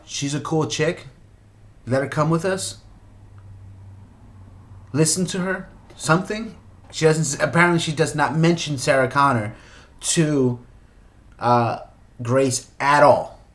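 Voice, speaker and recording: A man's voice: on the high side, a bit bright. A young man ranting about a movie in an exasperated, opinionated way, firing off rhetorical questions. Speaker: movie commentator.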